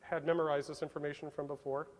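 A man from Southern California tells a story to a conference audience, playing out each exchange of dialogue with animation. His voice sits noticeably high. The sound carries the long reverb of a large hall. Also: level tone, quick pace. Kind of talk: storytelling talk.

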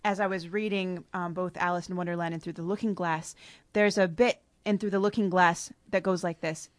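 A woman's voice: fairly low pitch, steady tone, fairly quick, dry recording. A woman author, chatting casually with frequent laughs about her story, then reading from it. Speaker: author guest.

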